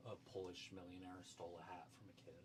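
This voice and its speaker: A man's voice: low voice, little pitch movement, fast talker, slightly rough. A man co-hosting a casual livestream chat, making dry, teasing remarks. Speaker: co-host. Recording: slightly distant mic with faint noise.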